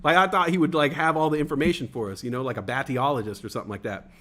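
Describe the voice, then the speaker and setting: A man's voice: medium pitch, steady tone, racing, pushed and bright. A young man casually telling a rambling story on a stream, full of fillers and acted-out quotes. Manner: rambling, many fillers, acts out other people's voices.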